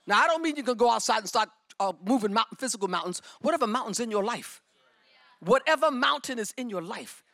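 A middle-aged woman preaching a sermon with personal testimony, fervent and emphatic, and breaking into shouts. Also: a little high, expressive, quick pace, no echo.

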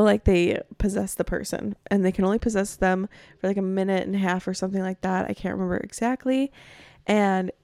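Chatty woman podcast host, gravelly. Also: medium pitch, warm tone, no echo, clean studio sound. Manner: chatty, many fillers like "like" and "um", laughs often. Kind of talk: casual chat.

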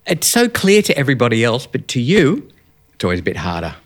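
A man speaking as a guest in a relaxed theatre conversation, acting out his own thoughts in little quoted asides. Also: medium pitch, fast talker. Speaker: guest, writer. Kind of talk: casual conversation.

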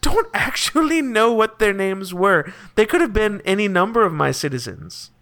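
High, lively young game master. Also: male voice, normal speed. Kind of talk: narrating a tabletop game.

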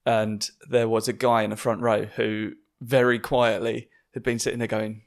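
A man's voice: fairly low pitch, little pitch movement, moderate pace. A man, a stand-up comedian hosting a podcast, talking in a chatty, self-deprecating way and laughing often. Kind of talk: casual podcast chat.

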